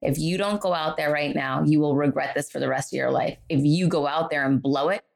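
A woman's voice: low voice, brisk, creaky. A middle-aged woman, a guest author, telling a story in a podcast interview and acting out the voices of the people in it. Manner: animated, acts out quoted voices.

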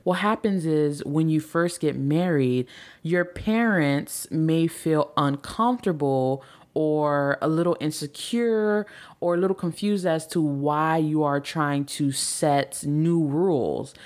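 A woman's voice: sits low, darkish tone. A woman in her thirties hosting a podcast, talking casually about family and marriage, full of "like" and "right?", acting out quoted lines. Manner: chatty, repeats "like" and "right?", acts out quotes. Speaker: podcast host. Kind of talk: casual advice talk.

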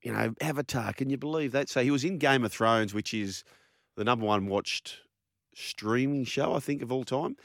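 An Australian man hosting a casual radio show on a studio microphone, chatty and enthusiastic as he runs through shout-outs and phone numbers. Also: medium pitch, moderate pace, gravelly, dry recording. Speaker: radio host.

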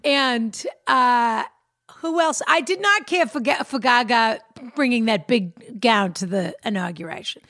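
A woman's voice: fairly high pitch, measured pace, bright, forceful tone, no echo, studio quality. A woman co-hosting a casual chat, emphatic and gossipy with strong opinions.

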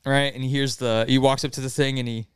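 A man's voice: medium pitch, fast talker, clean tone, no echo, clean studio sound. A young man, podcast host, telling a story in casual chat and acting out the characters' lines. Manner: animated, acts out the characters' lines.

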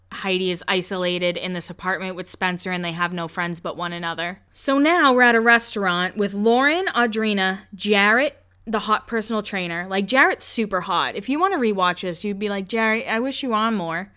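A woman's voice: mid-range voice, bright, forceful tone. A young woman hosting a podcast, recapping a reality show in a chatty, casual way and briefly mimicking the people she talks about. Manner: chatty, heavy use of "like", quick mimicry of the people she discusses. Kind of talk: casual chat.

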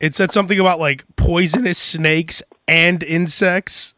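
Man, podcast host, animated storyteller, high voice, bright tone. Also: unhurried, no room sound. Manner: animated storyteller, laughs often. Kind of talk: casual podcast banter.

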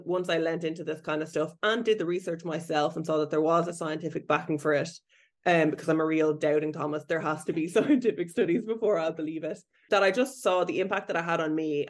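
A woman coach and researcher speaking as a podcast guest, candid and self-deprecating, laughing lightly as she talks. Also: sits low. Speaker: body image coach and researcher.

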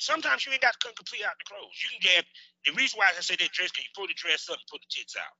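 Sharp-voiced, lively male interviewer. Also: sits high, rapid-fire, breathy edge, no room sound. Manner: profane, emphatic, slangy. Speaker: podcast interviewer. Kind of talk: casual interview chat. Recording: dull lo-fi audio.

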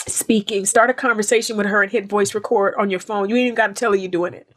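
A woman's voice: mid-range voice, steady tone, quick pace, hardly any pauses, fairly bright tone. A woman guest on a podcast talking in an earnest, heartfelt way, stressing her points by repeating phrases. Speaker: guest actress.

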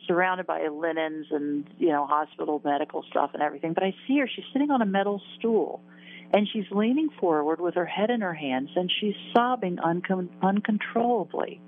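A woman's voice: on the low side, fairly quick, a little hiss or hum. A woman in her sixties, a guest in an interview, recounting a personal near-death story earnestly and emotionally, repeating words and laughing at herself. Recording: tinny phone-line sound.

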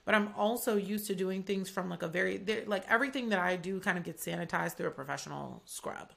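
Talking fast in a fairly low, gravelly, fairly bright voice, this young Atlanta podcast host keeps things chatty and candid. "Like" comes up constantly as filler.

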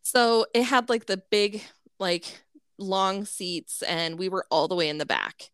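A woman's voice: mid-range voice, unhurried, a bit bright, clear, resonant tone, dry recording, clean studio sound. A woman casually telling a long family story, full of "like" and laughing as she goes. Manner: rambling, lots of "like", laughs mid-sentence. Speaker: podcast co-host telling a story.

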